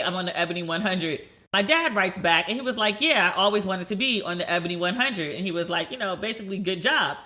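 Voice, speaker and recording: A woman hosting a solo podcast, telling stories in a chatty, animated way and acting out the people she quotes. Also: on the low side. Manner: chatty, animated, swears, acts out quoted dialogue. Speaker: podcast host.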